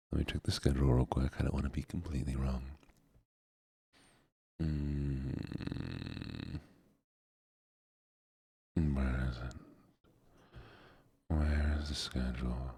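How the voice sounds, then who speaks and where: A man streaming a video game and chatting with his viewers, soft-spoken and goofy, close to the microphone. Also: a bass voice, slightly rough, no echo. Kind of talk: soft-spoken gaming livestream chat.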